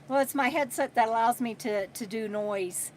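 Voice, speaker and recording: A woman in her sixties hosting a casual livestream, chatting and reading viewer comments aloud between pauses. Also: on the high side, slight background noise. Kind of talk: casual live chat.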